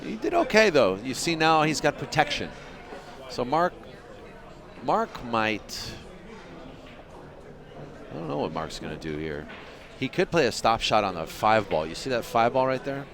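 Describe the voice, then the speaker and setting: A man's voice: mid-range voice, sing-song, unhurried, long pauses, crowd noise. A man giving casual live play-by-play commentary on a pool match, chatting and joking with his viewers.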